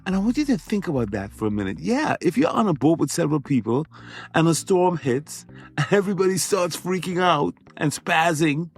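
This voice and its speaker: A man's voice: fairly high pitch, expressive, moderate pace, gravelly, husky, soft background music. A man hosting a motivational podcast, talking emphatically and conversationally and repeating phrases for effect. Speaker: podcast host and physician.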